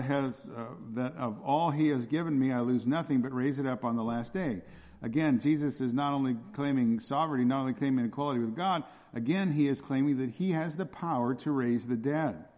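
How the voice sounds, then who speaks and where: Long hall reverb surrounds this recording of a man preaching an expository sermon in a church hall. His voice sits at medium pitch, a little mellow, at a moderate pace. As pastor he repeats himself emphatically and keeps asking rhetorical questions to check on his listeners.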